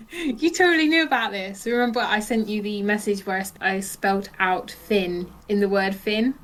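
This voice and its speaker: A woman's voice: mid-range voice, moderate pace, a bit bright. Female co-host, dry wit, slightly tipsy, easygoing chat. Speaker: podcast co-host. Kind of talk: casual chat.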